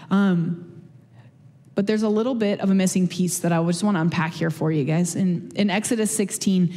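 A woman's voice: lowish voice, mellow, big-room sound. A woman preaching a casual sermon and prayer, chatty, with many fillers and restarts.

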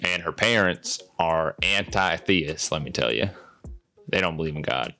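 A man with a Southern accent talks in a very low yet bright voice. He rambles through a casual podcast recap, full of fillers and restarts. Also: measured pace, soft background music. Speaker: podcast co-host. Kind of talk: casual chat, recapping a movie.

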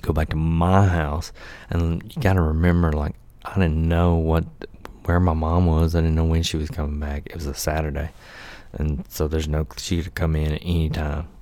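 Very deep-voiced man, profane storyteller. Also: little pitch movement, normal speed, mellow, no echo. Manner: profane, laid-back, laughs often, acts out quotes. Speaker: podcast host telling life stories. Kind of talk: casual storytelling monologue.

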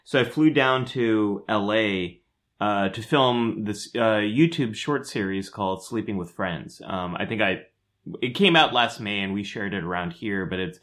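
A man's voice: lowish voice, measured pace. Easygoing man telling a personal story. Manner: relaxed, recounting a personal story with fillers. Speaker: podcast co-host. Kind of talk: casual conversational chat.

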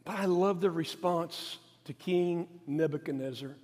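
A male pastor with a high voice preaches a sermon, repeating phrases and pressing hard on key points before dropping quiet. His voice rings out with a long reverb, as in a large hall. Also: unhurried. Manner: emphatic and repetitive, rising to stress points, then dropping quiet.

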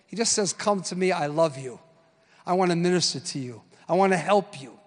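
A man's voice: high-pitched, in a large hall. A man in his sixties preaching a sermon, telling stories and drawing call-and-response from the crowd. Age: 60s. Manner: storytelling, punchy call-and-response.

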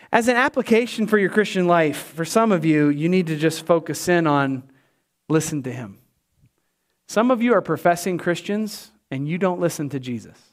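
A man preaching a sermon as a pastor, animated and shifting between loud emphatic lines and hushed, quiet ones. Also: on the high side.

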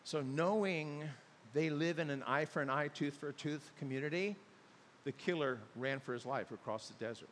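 A man's voice: a little high, normal speed. Man preaching a sermon in a reverberant hall. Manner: storytelling, rising to loud emphatic peaks. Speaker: pastor. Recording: long hall reverb, faint hiss.

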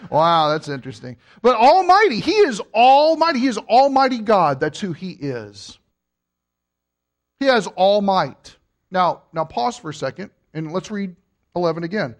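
A man preaching a sermon, teaching from scripture and joking with his congregation, swinging from soft asides to emphatic peaks. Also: high voice.

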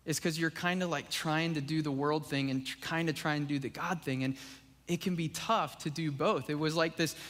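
A man with a fairly high voice gives a casual, conversational sermon, leaning on "like" and "right?" as he talks to the congregation. The sound carries a long reverb from the church hall around him. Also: steady tone, normal speed, a bit bright. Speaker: preacher. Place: church sanctuary.

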